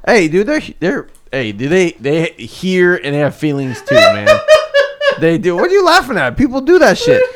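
A man chatting as a podcast guest, easygoing and quick to laugh, swearing casually. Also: high-pitched, huge pitch swings, heavy background noise.

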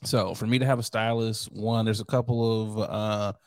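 A man's voice: on the low side, moderate pace, no room sound, clean studio sound. Joking laughing man hosting a podcast. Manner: joking, laughs often, lively storytelling. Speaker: podcast host. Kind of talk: casual podcast chat.

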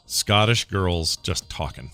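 Guy hosting a podcast, rambly and jokey, low-ish voice, bright forceful tone. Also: animated, takes it slowly, soft background music. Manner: rambling, jokey, lots of fillers. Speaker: podcast host. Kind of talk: casual chat.

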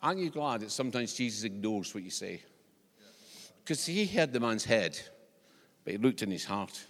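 Scottish preacher in a reverberant church. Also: male voice, fairly low pitch, moderate pace. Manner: animated, conversational, joking asides. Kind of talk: sermon. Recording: long church-hall reverb.

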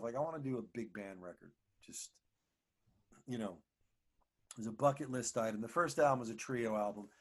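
A man being interviewed, telling long casual stories in a rambling, animated way full of restarts and fillers. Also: lowish voice. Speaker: actor and singer, guest.

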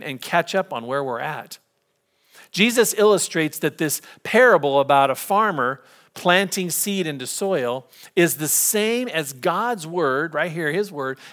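A middle-aged man preaching a sermon as pastor, conversational and storytelling, slipping into lively impressions. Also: fairly high pitch.

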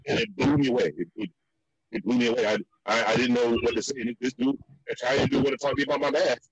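A man from the Virginia and DC area telling stories in a casual chat, with many restarts and high jumps in pitch for the quotes. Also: quick pace, slightly rough, lo-fi sound. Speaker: guest.

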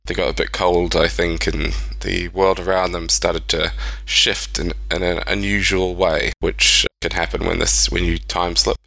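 A man's voice: deep voice, little pitch movement, measured pace, gravelly, hardly any pauses, pushed and bright, low-quality recording. A man, casually retelling strange stories as a podcast co-host, rambling with speculative asides. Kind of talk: casual storytelling chat.

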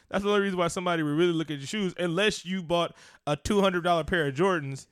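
A man co-hosting a casual comedic podcast, talking in a profane, animated, mocking way. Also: high-pitched, fast talker, clean tone, dry recording, studio quality. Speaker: co-host.

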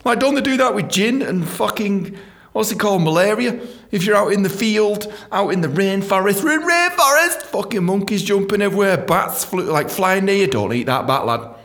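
A man's voice: high-pitched, normal speed. A man hosting a podcast, delivering a profane, mocking comedic rant. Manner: profane, ranting; animated, mocking. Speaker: podcast host. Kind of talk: comedic monologue.

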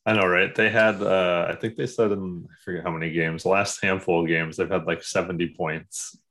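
A man co-hosting a casual sports podcast, talking like an excited fan with lots of "like" and "um". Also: low voice, brisk. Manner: excitable fan talk, many fillers. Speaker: podcast co-host.

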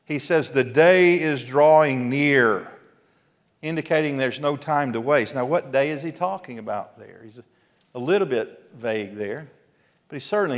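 A man, a pastor preaching an earnest, exhorting sermon with emphatic pauses. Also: fairly high pitch. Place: church sanctuary. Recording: long hall reverb.

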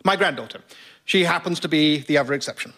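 An actor playing an earnest, self-assured elderly professor interviewed in a radio comedy sketch. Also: male voice, fairly high pitch, quick pace, a bit bright. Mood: matter-of-fact. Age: older. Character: elderly male atheist professor, smug.

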